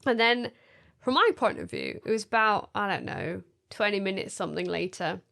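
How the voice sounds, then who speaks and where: Podcast co-host, woman, mid-pitched, chatty and quick to laugh along. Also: big pitch swings, gravelly, fairly bright tone. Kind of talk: casual chat.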